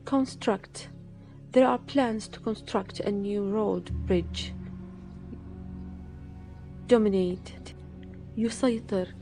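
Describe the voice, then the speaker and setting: A woman teaching vocabulary, reading single words and example sentences in a slow, measured way. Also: medium pitch. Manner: slow, measured reading, one word at a time.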